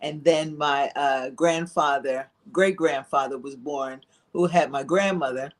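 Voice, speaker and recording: A woman guest recounts family history at an easy pace. She speaks reflectively, pausing with soft fillers as she gathers her thoughts. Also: low-pitched, steady tone. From Philadelphia, living in South Carolina. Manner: reflective, storytelling with frequent "uh" pauses. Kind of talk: casual interview storytelling.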